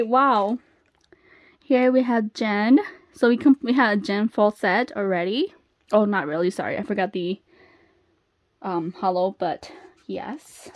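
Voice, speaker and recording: A woman chatting casually as she unboxes, excitable and gasping at each reveal, then dropping to soft murmurs in between. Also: mid-range voice, unhurried. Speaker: unboxing vlogger.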